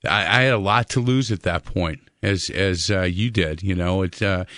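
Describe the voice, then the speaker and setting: Earnest low-voiced male radio host. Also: normal speed, bright, forceful tone, no room sound, clean studio sound. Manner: earnest, repeats words, many "uh"s. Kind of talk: radio talk show hosting.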